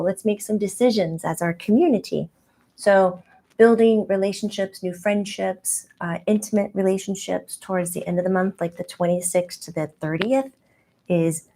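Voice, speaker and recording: A woman's voice: medium pitch, warm tone, lightly acted. A woman channeling a playful, childlike spirit guide who speaks in a chatty, rambling way with frequent giggles and fillers.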